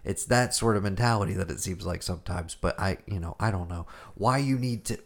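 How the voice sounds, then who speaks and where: Low-voiced man musing on a podcast. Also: fairly quick, vocal fry. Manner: thoughtful, hedging, many restarts. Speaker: podcast co-host. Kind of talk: casual chat.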